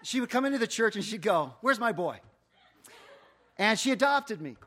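A man's voice: sits high, fast. A middle-aged man preaching as a pastor, telling a story and acting out the dialogue. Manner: animated storyteller, acts out dialogue. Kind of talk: sermon storytelling.

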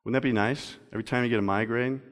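Pastor preaching, male, mid-pitched, slows down and gets quiet for readings, long reverb of a big sanctuary. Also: steady tone. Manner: swings from loud emphatic passages to quiet, slow reflective reading. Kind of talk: sermon. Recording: long reverb of a large hall.

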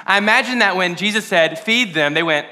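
A man's voice: high voice, quick pace, pushed and bright. A man preaching in a casual, playful, conversational way on a podcast sermon. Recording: long hall reverb.

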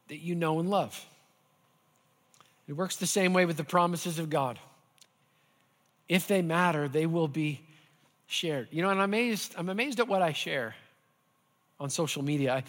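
A man preaching a sermon as pastor, earnest and building at times to animated intensity, in a church sanctuary. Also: sits high. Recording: hall reverb.

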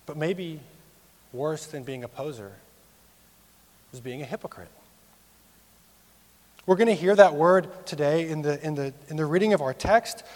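A man in his thirties preaching a sermon, rising sharply for emphasis and dropping low and quiet on serious points. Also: unhurried, pauses often, big-room sound. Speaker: pastor.

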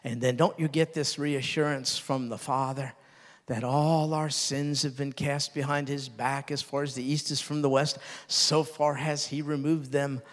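An older man preaching a sermon who talks earnestly and drops low and soft when he quotes tender words. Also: level tone, measured pace. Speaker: pastor. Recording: long reverb.

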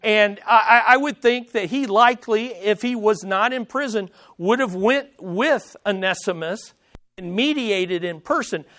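A man's voice: high-pitched, unhurried, fairly bright tone. A man preaching a sermon as pastor, with emphatic swells and dramatic readings of scripture quotes.

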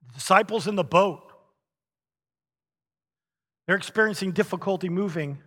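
A middle-aged man delivers a sermon in a slightly higher-than-usual voice, telling stories with chuckles and lively emphasis. His words ring out in the long reverb of a large church sanctuary. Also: normal speed. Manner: animated storytelling with chuckles. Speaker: pastor.

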